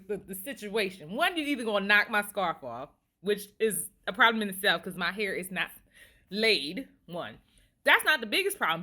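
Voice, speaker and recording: A woman's voice: a little high, pushed and bright. A woman vlogger telling a funny story casually to the camera, laughing often, recorded on a handheld phone.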